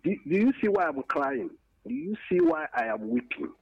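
A man's voice: fairly high pitch, huge pitch swings, normal speed, creaky, breathy edge. A man with a Nigerian accent calling in to a radio show, pleading emotionally and repeating himself. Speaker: radio caller. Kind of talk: impassioned call-in complaint. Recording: muffled phone line.

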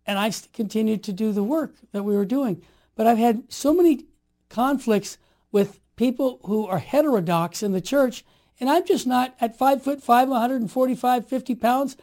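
A man in his sixties telling stories as an interview guest, emphatic and animated, building to forceful declarations. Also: very high voice. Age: 60s. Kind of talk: impassioned conversational storytelling.

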